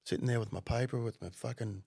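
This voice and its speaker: A man's voice: mid-range voice, fairly even intonation, fast talker, vocal fry, warm tone, breathy edge, dry recording, clean studio sound. A man with an Australian accent telling stories on a podcast in a blunt, profane way, laughing often. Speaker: podcast guest, former undercover cop. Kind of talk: casual storytelling.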